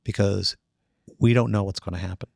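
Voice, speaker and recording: A middle-aged man with a gravelly, fairly low voice tells a courtroom story in a relaxed interview. He is lively and acts out other people's lines, recorded close on a dry mic. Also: brisk, no room sound. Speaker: trial attorney telling a story.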